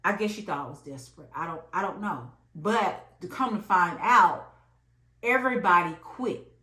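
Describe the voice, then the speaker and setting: A woman in her late thirties telling an emphatic, animated story about her job in a vlog. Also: lowish voice, normal speed. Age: late 30s. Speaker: vlogger. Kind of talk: storytime monologue. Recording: echoey room.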